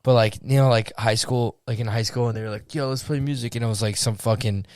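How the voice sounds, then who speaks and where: A man's voice: fairly low pitch, flat delivery, fast, darkish tone, no echo, studio quality. A young man co-hosting a podcast in casual chat, blunt and crude, cracking jokes and swearing heavily. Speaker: podcast co-host.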